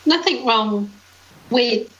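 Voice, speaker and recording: A woman's voice: a little high, lively intonation, very slow, a bit bright, dull audio. A woman co-hosting a local podcast in casual chat, a chatty storyteller who laughs easily. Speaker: podcast co-host.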